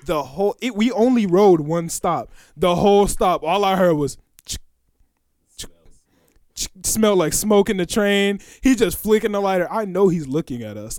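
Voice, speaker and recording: A young man with a notably high voice tells stories on a podcast in loose, slangy chat. He is animated and acts out the sounds and voices in his stories. The recording is dry and close. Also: normal speed, no room sound. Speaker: podcast co-host. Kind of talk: casual storytelling chat.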